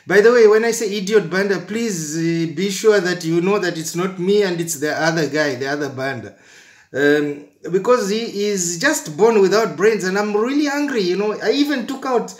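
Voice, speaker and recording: A man's voice: sits high, roomy sound. A man giving a rambling, indignant comic monologue that is full of stammers and restarts. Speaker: comedy channel host in character.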